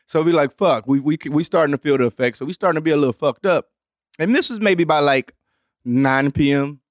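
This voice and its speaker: A young adult man hosts his show with a loose, profane monologue, acting out every character with sudden swoops up in pitch. His voice sits a little high for a man, and the recording is close and dry. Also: brisk, no room sound. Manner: animated, profane, acts out voices with big pitch jumps. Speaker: host. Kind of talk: storytelling monologue.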